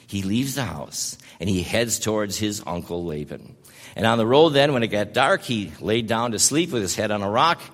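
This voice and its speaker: A man's voice: medium pitch, a bit bright, in a large hall. A man preaching a sermon as a pastor, telling a story in a folksy way and speaking to people in the congregation by name.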